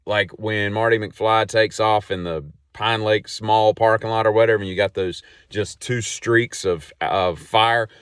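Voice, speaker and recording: A man hosting a podcast and telling a long casual story in a rambling, animated way with many asides. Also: fairly low pitch, no room sound, studio quality. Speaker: podcast host.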